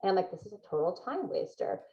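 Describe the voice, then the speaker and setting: A woman's voice: medium pitch, very animated, fast, warm tone, highs cut off. A woman guest in a podcast interview giving advice in an upbeat, emphatic way, with frequent laughs.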